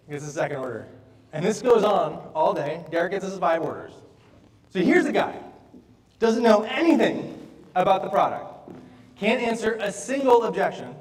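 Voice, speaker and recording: This is a motivational speaker with a rather high voice, recorded from a distance in a large, echoing hall. Standing on stage, he tells stories animatedly and keeps asking "right?".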